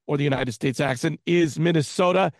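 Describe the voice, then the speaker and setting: A man's voice: on the high side, fairly quick, no room sound, clean studio sound. A man co-hosting a podcast, easygoing and teasing in casual chat. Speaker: podcast co-host.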